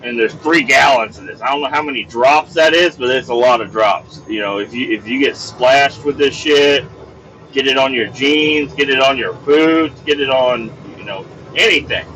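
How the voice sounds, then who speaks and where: A man's voice: mid-range voice, moderate pace, dull audio, a little hiss or hum. A man telling a work story as a podcast host, casual and profane, acting out what people said. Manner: profane, animated storytelling, acts out quoted dialogue.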